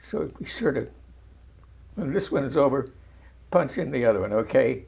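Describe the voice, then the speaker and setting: A man's voice: mid-range voice, expressive, moderate pace, creaky, darkish tone, breathy edge. An older man giving folksy, informal video commentary, talking straight to his viewers as friends. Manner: folksy, addresses viewers as friends, frequent restarts.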